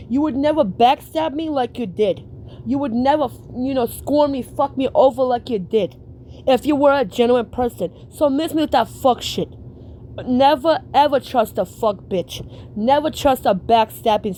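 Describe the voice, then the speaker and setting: Blunt high-voiced woman ranting. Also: dark tone, a little hiss or hum. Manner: blunt, emphatic, drawn-out preaching. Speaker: reaction streamer. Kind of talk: profane reaction rant.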